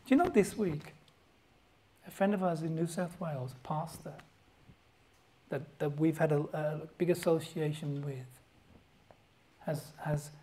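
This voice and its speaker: A man preaching a sermon as a pastor, impassioned and swinging from loud outbursts to hushed whispers. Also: a little high, a little hiss or hum, poor audio.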